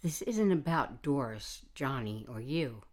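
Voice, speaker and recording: A middle-aged homemaker who speaks firmly and defiantly, her voice low, as a woman narrator reads her part. She sounds stubborn and set on her course. She is a figure in an audiobook story. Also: expressive, unhurried, darkish tone, full character voice. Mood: resolute. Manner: firm, defiant. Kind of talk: audiobook dialogue reading.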